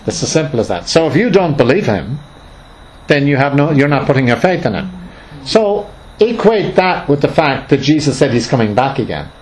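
A man's voice: medium pitch, very animated, normal speed, darkish tone, slight background noise, low-quality recording. A man leading an informal Bible study, reading scripture aloud and explaining it in a conversational, emphatic way with many fillers and restarts.

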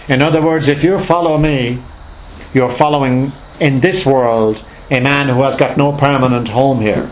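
A man's voice: medium pitch, rough recording. A man leading an informal Bible study, reading scripture aloud and explaining it in a conversational, emphatic way with many fillers and restarts.

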